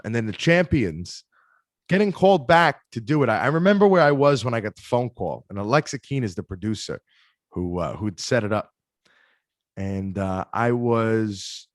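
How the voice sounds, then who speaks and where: Animated male storyteller, dry close sound. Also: on the low side, no room sound. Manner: animated storyteller, acts out quoted voices, many restarts. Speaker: interview guest, performer. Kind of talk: casual storytelling interview.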